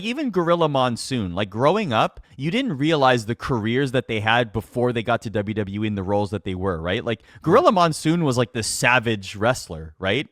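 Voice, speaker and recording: A wrestling announcer appearing as a podcast guest chats casually, telling animated stories with plenty of laughter and fillers. His mid-range voice is fairly bright, and the studio-quality recording has no echo.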